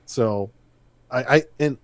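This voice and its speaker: Man, podcast co-host, casual chat, animated, stumbling restarts, mid-pitched, dry close mic. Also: takes it slowly, no echo. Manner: animated, tangents and repeated starts. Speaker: podcast co-host, dungeon master.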